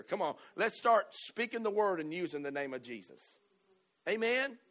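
A man's voice: high voice, sing-song, moderate pace, fairly bright tone. A man preaching a sermon with a Southern American accent, emphatic and rhythmic, calling out to the congregation.

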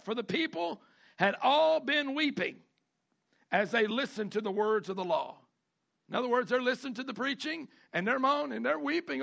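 A male pastor preaching a sermon, animated, jumping between a loud delivery and mimicked whining voices. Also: fairly quick, gravelly. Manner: animated preaching with dramatic pitch swings and mimicked complaining voices.

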